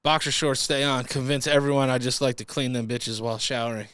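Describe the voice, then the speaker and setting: A man's voice: mid-range voice, fairly even intonation, brisk, fairly bright tone, smooth, no room sound, studio quality. A young man hosting a podcast, reading out listener stories and joking crudely about them in a casual, profane way. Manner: crude, joking, swears freely. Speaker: podcast host. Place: podcast studio.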